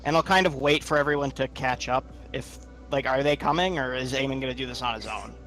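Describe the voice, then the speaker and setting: A man's voice: medium pitch, fast talker, a bit bright, soft background music, poor audio. A man playing a tabletop game, describing what his character does and stumbling over his words. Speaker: player. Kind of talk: casual tabletop game chat.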